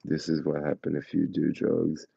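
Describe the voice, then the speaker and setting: A man casually telling his travel stories to a live chat, slangy and animated, acting out the people he quotes. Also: rumbling low, normal speed, vocal fry, no echo, dull audio. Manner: animated, acts out quoted voices, laughs, slangy.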